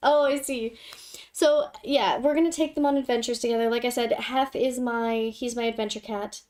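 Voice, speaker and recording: A woman's voice: on the high side, steady tone, moderate pace, a little mellow. A young woman hosting a casual livestream, giggly and gushing, swearing casually as she chats. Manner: giggly, swears casually, gushes over her cat. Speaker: livestream host.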